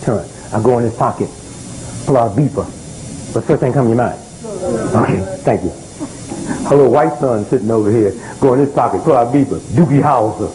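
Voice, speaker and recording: A man's voice: mid-range voice, a little fast, pauses often, background noise. A man giving live social commentary to an audience in a room, talking in a preacherly call-and-response way and often asking "right?" to keep the crowd with him. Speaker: speaker addressing a live audience.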